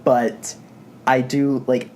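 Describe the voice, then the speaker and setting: A man's voice: medium pitch, level tone, very slow, darkish tone, slight background noise. A man co-hosting a podcast, talking casually and enthusiastically about comics, rambling with frequent restarts. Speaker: podcast co-host. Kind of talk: casual comic book discussion.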